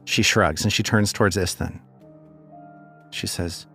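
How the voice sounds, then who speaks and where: A man narrating as game master of a tabletop game, lively and chatty. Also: low-pitched, unhurried, creaky, slightly rough, soft background music. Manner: lively, animated storytelling.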